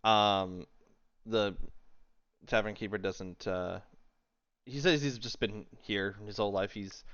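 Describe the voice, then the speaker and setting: A man's voice: fairly low pitch, fairly even intonation, slow pace, a bit bright, no echo, muffled recording. A man narrating as game master, hesitant and full of fillers, laughing easily.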